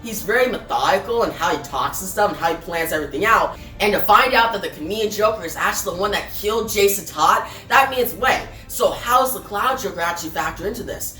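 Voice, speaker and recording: A woman's voice: mid-range voice, lively intonation, fast talker, few pauses, bright, forceful tone. A woman casually reviewing a comic book, chatting to viewers as "guys" and retelling the story. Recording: roomy echo, distant mic, faint music.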